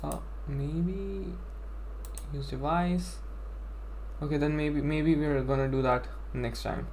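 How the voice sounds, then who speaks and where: A man's voice: a little high, steady tone, slow pace, a little mellow, slight background noise. A young man live-streaming a game from his home setup, chatting casually and rambling to his viewers with lots of "bro" and "like". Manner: chatty, rambling, self-deprecating, says "bro" and "like".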